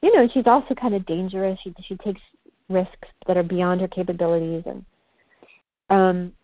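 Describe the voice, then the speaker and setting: A woman's voice: fairly low pitch, steady tone, normal speed, no echo. A woman talking candidly as a podcast guest, reflective and searching for her words. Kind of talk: candid casual conversation. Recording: muffled, dry, lo-fi.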